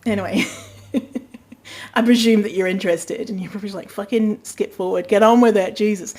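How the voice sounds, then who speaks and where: A woman hosting her own podcast, chatting casually and rambling, with plenty of fillers and frequent swearing. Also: medium pitch. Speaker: podcast host. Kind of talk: casual chat. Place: rented apartment during quarantine.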